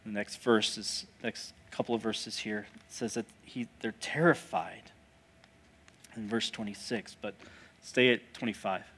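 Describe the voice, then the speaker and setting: A male pastor preaching a sermon, moving between hushed asides and loud, emphatic declarations and putting rhetorical questions to the congregation. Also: lowish voice, steady tone, unhurried, breathy edge.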